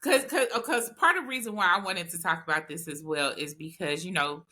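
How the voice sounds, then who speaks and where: A woman's voice: fairly low pitch, fairly quick. A woman hosting a casual group chat, telling stories candidly and voicing her own asides. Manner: candid, animated storytelling with voiced asides.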